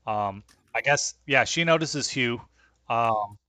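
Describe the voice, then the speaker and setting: A man's voice: medium pitch, slow, sharp tone, no echo. A man running a tabletop role-playing game as game master, easygoing and full of fillers.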